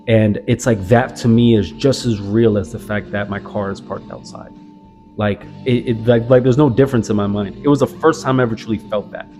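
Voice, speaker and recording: Young southern guy telling his story, low voice, lots of "like", music playing loud behind him. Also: lo-fi sound. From American South. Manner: earnest, reflective, many "like" fillers. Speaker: convert sharing his story. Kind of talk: personal storytelling. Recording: strong background music.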